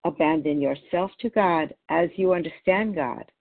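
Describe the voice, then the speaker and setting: Gravelly reader, steady and measured, on a thin phone line. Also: mid-range voice. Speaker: meeting reader. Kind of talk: reading aloud from a book. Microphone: phone call.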